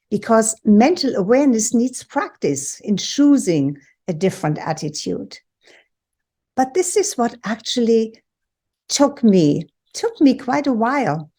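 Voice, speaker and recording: A woman in her sixties from Europe, hosting a personal talk for viewers in a deliberate, emphatic storytelling manner. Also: fairly high pitch, darkish tone. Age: 60s. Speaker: host and women's empowerment coach.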